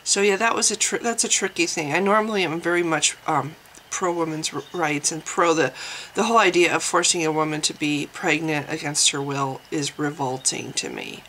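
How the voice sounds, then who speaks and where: A woman vlogger talks through her thoughts in a relaxed, unscripted way, pausing and restarting often. Her voice has a bright, sharp edge with a gravelly fry. A faint hiss of noise sits behind her. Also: deep voice, rough recording. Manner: hesitant, thinking aloud with many restarts and ums. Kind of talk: casual spoken commentary.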